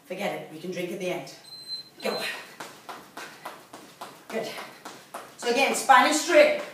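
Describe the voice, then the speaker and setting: A woman's voice: medium pitch, sing-song, a little slow. A woman coaching a workout video, cueing encouragement while exercising and getting out of breath. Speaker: fitness instructor. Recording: very echoey room, distant mic, faint noise.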